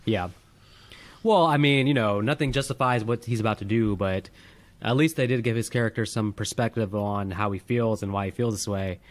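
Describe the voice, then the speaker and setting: A man co-hosting a film review show, talking excitedly in casual chat and swearing freely. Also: fairly low pitch, moderate pace. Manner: animated, exclaiming, swears freely. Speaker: film review podcast co-host. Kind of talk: casual movie discussion.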